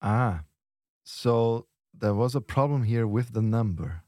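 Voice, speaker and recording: A man teaching on a lesson podcast, patiently modelling phrases slowly and encouraging the learner. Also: lowish voice, animated, dark tone, no echo, clean studio sound. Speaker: Portuguese teacher.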